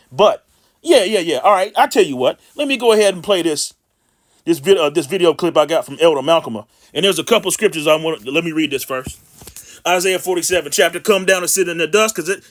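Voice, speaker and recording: High-voiced man rambling through scripture. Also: fairly bright tone. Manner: rambling, frequent restarts and fillers, blunt and profane; reads scripture slowly and emphatically. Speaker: scripture commentator. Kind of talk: casual scripture commentary with readings.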